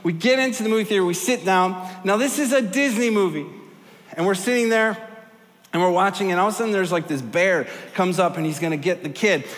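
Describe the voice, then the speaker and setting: A man preaching a sermon, telling a story in a joking, animated way. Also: high voice, brisk. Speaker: pastor. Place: large church auditorium. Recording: long hall reverb.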